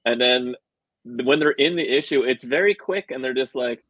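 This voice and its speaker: A man talking comics on a podcast in a husky, slightly breathy voice, laughing easily and slipping into quick put-on voices as he retells scenes. The sound is dry and close, with no room around him. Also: mid-range voice, no echo, low-quality recording. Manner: animated, laughs often, acts out quotes. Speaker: podcast co-host. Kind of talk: casual comic book discussion.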